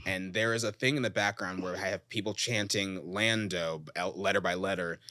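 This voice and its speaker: A man, a comedian guest on a podcast, telling stories quickly and acting out quotes in a casual chat. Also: low-pitched, no echo, studio quality. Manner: fast, animated storytelling with acted-out quotes.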